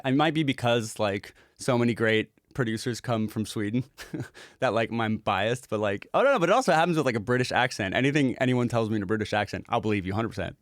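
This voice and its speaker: A man's voice: medium pitch, no echo, studio quality. A man who is a music producer, walking through a project in a casual livestream, talking loosely and rambling with casual swearing.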